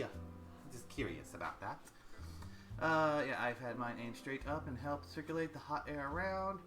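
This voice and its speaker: A man's voice: on the high side, lively intonation, normal speed, a bit bright, faint music behind. A man chatting casually with his viewers while he cooks on a live stream, rambling as he measures ingredients. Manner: rambling, chatty, talks to chat while cooking.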